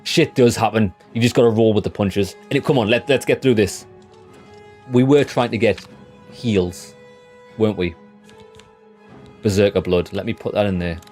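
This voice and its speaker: Young British male game streamer: low, warm voice, rambling, blunt, sweary chat with viewers. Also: moderate pace, long pauses, soft background music. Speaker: gaming livestreamer. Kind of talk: casual chat with live chat.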